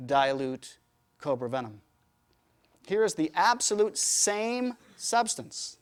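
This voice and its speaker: Emphatic yoga teacher with a higher voice. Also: male voice, takes it slowly. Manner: emphatic, rhetorical, animated storytelling. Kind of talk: answering audience questions in a workshop.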